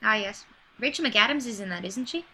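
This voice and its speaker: A woman with a bright, sharp-toned voice chats casually about TV shows. She is chatty and acts out quoted lines as she talks. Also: medium pitch, lively intonation, fairly quick. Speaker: podcast co-host. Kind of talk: casual chat about movies.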